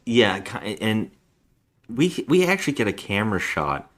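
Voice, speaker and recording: A man's voice: on the low side, sing-song, a little slow, fairly bright tone. A man hosting a casual movie podcast, rambling through plot recaps and quoting the characters. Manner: rambling recaps with quoted voices. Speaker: podcast host.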